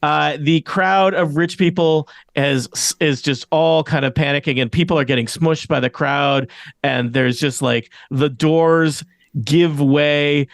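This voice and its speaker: A man's voice: on the high side, fairly even intonation, a little slow, gravelly, no room sound, clean studio sound. A man narrating a tabletop game as game master, rambling with many fillers and chuckles.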